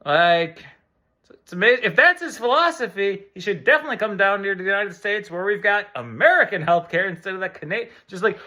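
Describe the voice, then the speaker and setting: A man's voice: sits high, sing-song, normal speed, sharp tone. A man from Buffalo doing profane, rambling stand-up comedy and acting out both sides of his scenes. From Buffalo, New York.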